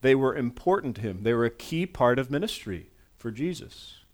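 A man's voice: medium pitch, lively intonation, normal speed, dry recording. A man in his forties preaching a sermon in a conversational way, often restarting words and acting out quoted voices. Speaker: pastor.

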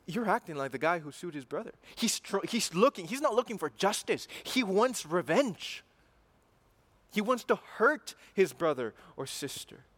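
A man's voice: fairly high pitch, a bit bright. A man preaching a sermon in an earnest way, repeating phrases and building to emphatic passion.

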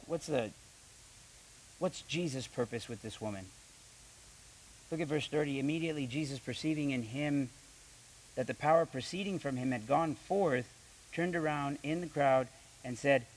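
A young man preaching a sermon with animated delivery, reading scripture and acting out the quoted voices, often repeating his words. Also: on the high side, poor audio. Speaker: pastor.

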